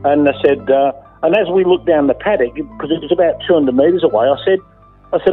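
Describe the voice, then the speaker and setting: Husky Australian man on a phone line. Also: fairly high pitch, brisk. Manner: emphatic, swears freely, repeats himself. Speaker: interviewee, landowner. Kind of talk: casual storytelling. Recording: tinny phone line with faint music.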